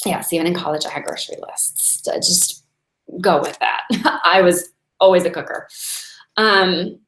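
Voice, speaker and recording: A woman's voice: on the low side, moderate pace, fairly bright tone. A woman in her forties, a Taoist meditation teacher, giving a casual inspirational talk in a chatty way and laughing often as she tells stories. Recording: roomy echo.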